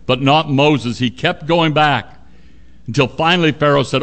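A man preaching a sermon, earnest and emphatic, dropping low and quiet to stress points. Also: unhurried.

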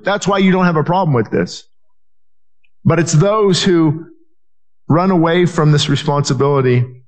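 Earnest, higher-voiced male pastor preaching. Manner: earnest, repetitive, restarts phrases, acts out quoted voices. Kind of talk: sermon.

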